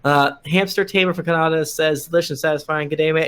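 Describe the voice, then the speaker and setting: On a live-streamed podcast, a cast member casually rattles through listener reviews at a desk mic, with frequent "uh"s and little chuckles. His slightly high, fairly bright voice moves quickly with even intonation and hardly any pauses, over a little hiss or hum.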